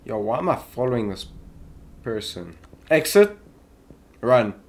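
A man's voice: mid-range voice, sing-song, measured pace. A young man commentating as he plays a horror game, chatty and easily startled, yelping at scares. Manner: jumpy, yelps and shouts at scares, says "yo" a lot. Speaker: gaming youtuber.

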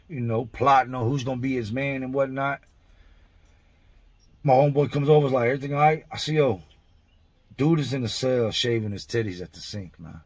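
With a husky, medium-pitched voice, a man vlogs about his prison past. His casual monologue is blunt, profane and full of street slang, laying out each event in vivid, blow-by-blow detail.

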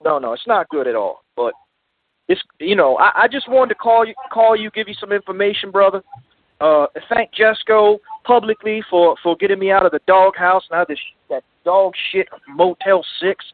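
Very high-voiced rambling male caller. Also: normal speed. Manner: rambling, calls everyone brother. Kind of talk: phone-in comedy chat. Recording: dry tinny phone line.

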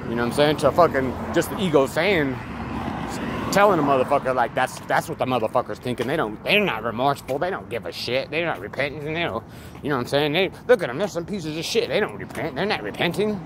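A man's voice: mid-range voice, expressive, quick pace. A man giving a rambling, profane, emphatic monologue outdoors near traffic. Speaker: vlogger. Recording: loud street and vehicle noise.

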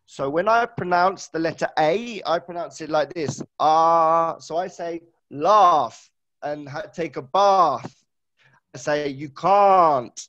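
A man with a London accent, talking with students as a guest speaker and explaining things slowly and clearly. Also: on the high side, dull audio. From England. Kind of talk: casual online class chat.

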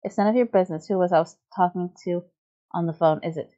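A woman's voice: lowish voice, fast, dull audio, natural voice. A woman doing cold, scheming Russia man. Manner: calm and coldly dismissive. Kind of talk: fan voice-over of a game.

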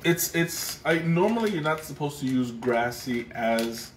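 A man's voice: fairly high pitch, expressive, a little slow. A man hosting a casual live tea tasting, thinking aloud with frequent restarts and fillers. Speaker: livestream tea taster. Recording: roomy echo, faint background noise.

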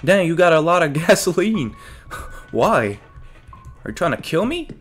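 A man's voice: on the high side, sing-song, normal speed, fairly bright tone, soft background music. A man giving casual gameplay commentary as a streamer, joking to himself and his chat and yelping at scares. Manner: jokey, talks to himself and chat, yelps at scares. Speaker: let's play streamer.

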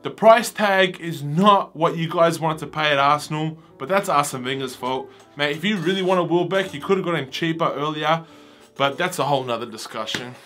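A man's voice: a little high, normal speed, bright, forceful tone, soft background music. A young man, ranting casually and wistfully as a football vlogger, saying "mate" constantly. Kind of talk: casual fan rant to camera.

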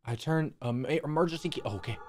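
A man's voice: a little high, animated, fairly quick, background noise. A young man streaming a horror game, cracking crude jokes to his chat and muttering nervously to himself. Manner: jokey, profane, talks to chat. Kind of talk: live gaming commentary.

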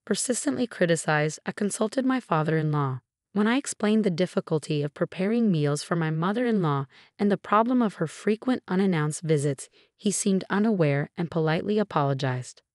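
A woman in her forties narrating her own story in an even, measured first-person reading. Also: on the low side, no room sound, studio quality. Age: 40s.

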